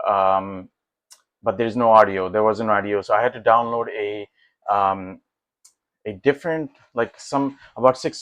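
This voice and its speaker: A man's voice: on the low side, no echo. A man talking casually as a tech vlogger, walking through his test results with lots of fillers and restarts. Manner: rambling, many fillers and restarts; excited, easygoing. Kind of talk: casual walkthrough commentary.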